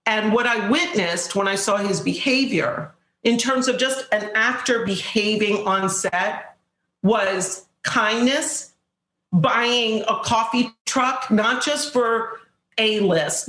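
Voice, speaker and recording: A woman tells a story in an animated way and slips into the voices of the people in it. Her voice sits mid-pitch and carries a roomy echo. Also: slow pace. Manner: animated storyteller, acts out quotes. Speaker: guest. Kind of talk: casual anecdote.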